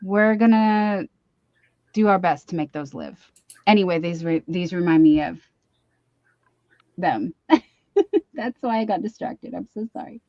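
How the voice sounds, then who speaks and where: A woman's voice: lowish voice, a little slow, long pauses, no echo, highs cut off. A middle-aged woman hosting a casual live-stream chat from home, chatty and easily sidetracked, often poking fun at herself. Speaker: livestream host. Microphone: computer mic for a live stream.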